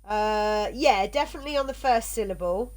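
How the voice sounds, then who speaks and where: A woman streaming a video game, chatting casually with viewers in a halting way, tripping over words. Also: mid-range voice.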